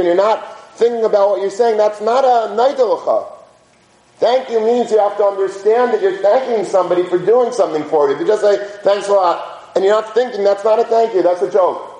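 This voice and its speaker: A man's voice: sits high, brisk, dark tone. A man teaching a conversational religious lecture, telling stories in an informal, anecdotal way and dropping in Hebrew and Yiddish terms. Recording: roomy echo.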